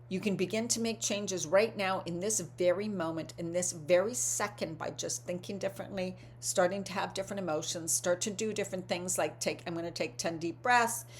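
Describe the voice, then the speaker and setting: A woman in her fifties speaks as a wellness coach in an earnest, encouraging way, circling back with "right?" after her points. Her pitch sits in the middle for a woman. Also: a bit bright, a little hiss or hum. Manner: earnest, repetitive, asks "right?" often. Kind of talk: motivational talk to camera.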